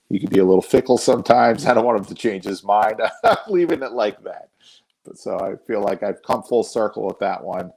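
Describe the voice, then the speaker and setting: A man with a very low, husky voice tells a story at an easy pace. He is a guest artist from Northern New Jersey, talking casually and poking gentle fun at himself. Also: a little fast, low-quality recording. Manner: relaxed, anecdotal, self-deprecating.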